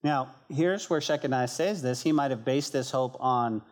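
Male pastor mid-sermon, lively, voices prayers, sometimes hushed. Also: medium pitch, moderate pace. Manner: animated, acts out quoted prayers, drops to a near whisper.

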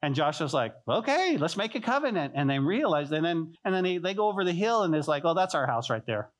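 A man preaching a sermon as pastor, telling stories with lively acted-out voices and dropping to a soft hush on key points. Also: on the high side, quick pace. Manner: animated storytelling, acting out biblical figures in voices; drops to soft, quiet delivery on key points.

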